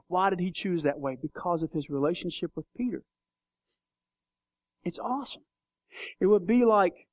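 Male pastor, high-pitched, dry close sound, animated sermon storyteller. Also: no echo. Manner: animated storytelling, acts out voices.

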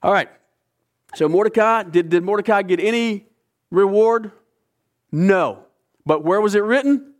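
Animated man teaching Bible study. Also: high-pitched, a little slow, long pauses. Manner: animated storytelling with casual slang.

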